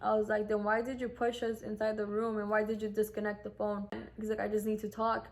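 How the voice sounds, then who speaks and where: A woman's voice: medium pitch, monotone, brisk. A young woman in her twenties, casually telling a personal story, full of "like" and acting out what others said. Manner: chatty, acts out quoted voices, lots of "like". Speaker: vlogger.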